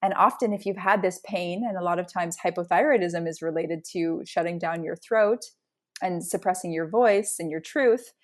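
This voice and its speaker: A woman's voice: fairly low pitch, normal speed. A woman in a casual spiritual chat, talking emphatically and building intensity as she tells her stories. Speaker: podcast guest.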